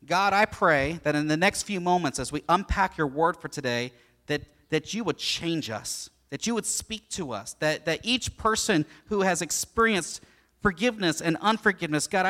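Male pastor, middle-aged: animated sermon delivery, high and bright. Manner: animated, storytelling, asks the congregation questions.

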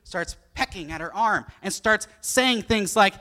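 Male pastor, middle-aged: animated sermon delivery, high and bright. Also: a little slow, few pauses. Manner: animated, storytelling, asks the congregation questions.

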